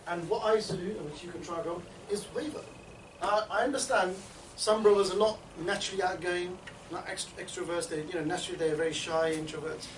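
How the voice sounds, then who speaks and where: A man with a fairly high voice coaches a group of trainees, rattling through his points quickly and tossing in "yeah?" and "right?" to keep them with him. He was recorded in an echoey indoor room from some distance away, with a faint hum of ambience behind him. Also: steady tone. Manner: rapid, chatty, keeps checking in with "yeah?" and "right?". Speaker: street outreach trainer. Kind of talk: instructional group talk.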